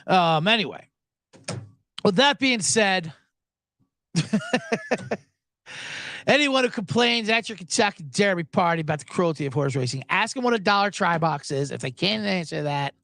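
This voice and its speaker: Lively, bright-voiced sports betting host. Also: male voice, fairly high pitch, moderate pace, gravelly, pauses often, no room sound. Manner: rambling, profane and self-interrupting. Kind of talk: comedic solo sports-gambling monologue.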